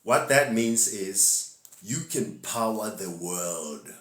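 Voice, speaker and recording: A man's voice: fairly low pitch, lively intonation, takes it slowly, a bit bright, echoey room. A man gives a laid-back, preachy spiritual talk to live-stream viewers and laughs often.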